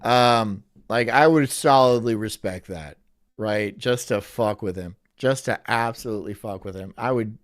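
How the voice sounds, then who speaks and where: A man's voice: on the low side, unhurried. A man streaming in casual chat, ranting in an incredulous, profane way.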